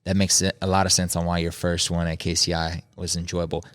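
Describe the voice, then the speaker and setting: A man hosting a podcast in relaxed chat, telling lively stories and acting out quotes in playful voices. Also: brisk, dry recording. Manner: animated storyteller, acts out quotes in high voices. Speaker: podcast host. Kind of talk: casual interview chat.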